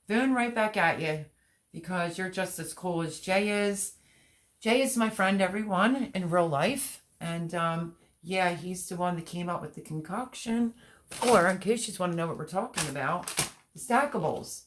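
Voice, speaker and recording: A woman's voice: on the low side, normal speed. A woman hosting a live stream, chatting casually and reading out viewers' comments while greeting them by name. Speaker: livestream host.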